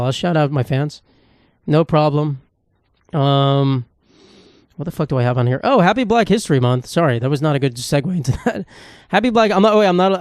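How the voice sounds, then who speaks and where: A man's voice: mid-range voice, a little mellow, clean tone, no room sound, studio quality. A man hosting a solo comedy podcast, rambling in a casual, sarcastic and profane way. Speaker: podcast host.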